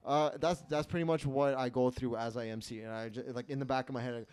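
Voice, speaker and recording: A young man hosting a comedy podcast, chatting casually, self-deprecating and halting with lots of restarts. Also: medium pitch, fairly even intonation, darkish tone, clean tone.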